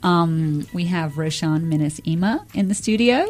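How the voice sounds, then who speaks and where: A woman's voice: on the low side, expressive, moderate pace, a little mellow. A woman hosting a radio show in a studio, chatting in a jokey way with lots of fillers and little laughs. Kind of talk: casual studio interview.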